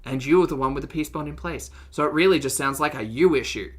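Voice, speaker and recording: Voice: medium pitch, fast. A streamer, reacting to videos in a casual, sarcastic and blunt way and reading out chat. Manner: blunt and sarcastic, laughs often.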